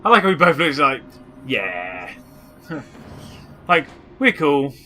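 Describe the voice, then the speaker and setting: Animated, teasing gamer. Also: male voice, a little high, a little hiss or hum. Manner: teasing and animated, quick to joke. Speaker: co-host of a gaming channel. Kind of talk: casual let's-play commentary.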